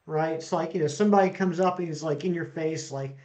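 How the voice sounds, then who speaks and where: A man's voice: on the high side, a little fast, hardly any pauses, a little mellow. A man running a casual live stream, reading out jokes from chat and greeting viewers by name as he plays.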